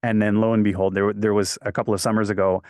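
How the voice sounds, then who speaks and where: A man's voice: lowish voice, level tone, fast, darkish tone, no echo, studio quality. A man from Quebec, a voice actor talking casually as an interview guest and telling stories in a rambling, self-correcting way. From Quebec, Canada.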